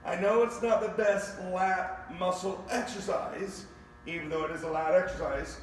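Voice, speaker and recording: A man coaching a live online workout, energetic and counting reps aloud as he talks straight to viewers. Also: high voice, normal speed, slight background noise. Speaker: fitness coach. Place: garage home gym. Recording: echoey room with faint ambience.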